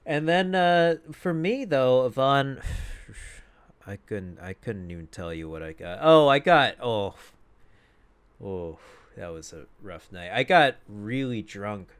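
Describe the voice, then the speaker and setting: A young man co-hosts a podcast from a home setup, talking into a mic with a foam windscreen. His voice is medium-pitched, smooth and slow, with lively intonation. He's laid-back, rambling through casual chat and laughing often.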